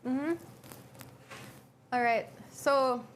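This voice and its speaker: A woman's voice: sits high, steady tone, drawn-out words, slight background noise. A woman streamer chatting casually and teasing her friend while cooking in a home kitchen.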